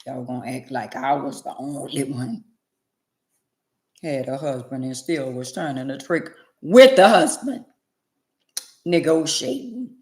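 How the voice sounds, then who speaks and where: A woman, ranting bluntly and sassily to her livestream viewers and swinging between loud and quiet. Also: a bass voice, measured pace, pauses often. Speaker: livestream host. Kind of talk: casual livestream rant to viewers.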